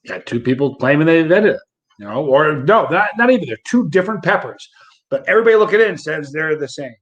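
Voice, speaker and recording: Relaxed man, conversational interview guest. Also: fairly high pitch, quick pace, muffled recording. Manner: relaxed, conversational, restarts sentences. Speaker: interview guest, hot-sauce eater. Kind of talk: casual interview.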